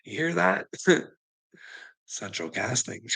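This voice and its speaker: A man rants casually and profanely to his chat, swearing a lot, laughing nonstop, and mockingly calling people bud. His mid-range voice is slow and sing-song, with a pushed, bright, husky sound.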